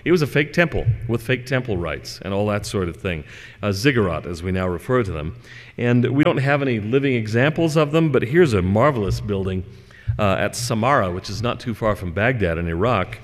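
A man giving a religious lecture, reading scripture and telling stories in a relaxed, digressive way with fillers. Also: lowish voice, a little fast. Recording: long hall reverb.

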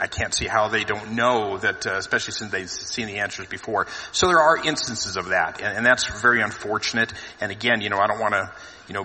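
Man, low-pitched, very bright tone, hesitant restarts, casual discussion, reverberant room. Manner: hesitant, repeats words while thinking.

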